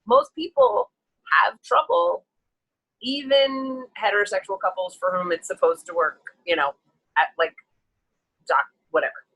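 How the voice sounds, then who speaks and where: Bright-voiced woman telling a frank personal story. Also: medium pitch, unhurried, slightly rough, poor audio. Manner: animated, acts out quoted people in shifting voices; frank and emotional, rambling with fillers. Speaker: guest.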